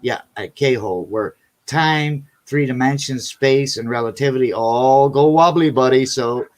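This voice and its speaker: A man's voice: medium pitch, measured pace. A man hosting a casual video chat, telling rambling stories, swearing freely and calling people buddy and man.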